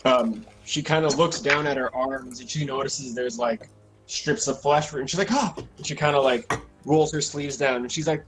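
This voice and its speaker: A man's voice: medium pitch, steady tone, normal speed, a bit bright, faint music behind. Man running a tabletop game. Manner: casual, filler-heavy narration. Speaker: game master.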